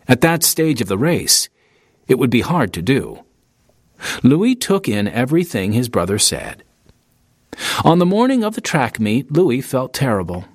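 A man reading an audiobook in steady, scripted narration into a close studio mic. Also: mid-range voice, a little slow, pauses often, breathy edge, no room sound. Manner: steady storytelling, lively intonation.

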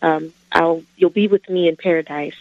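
A woman caller on a radio phone-in, asking a Bible question hesitantly with many pauses. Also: sits low, fairly even intonation, dry recording. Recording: dull phone-in line.

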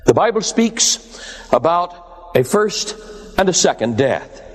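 High-voiced man preaching in a reverberant hall. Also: very animated, measured pace. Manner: dramatic preaching, swings high and low, addresses listeners as "my dears". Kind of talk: sermon.

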